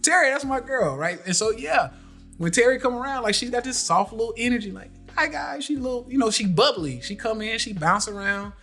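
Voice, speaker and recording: A man's voice: very high voice, brisk, soft background music. A man hosting a live podcast, talking casually and animatedly, repeating himself to drive points home. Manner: animated, preachy, repeats phrases. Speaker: podcast host.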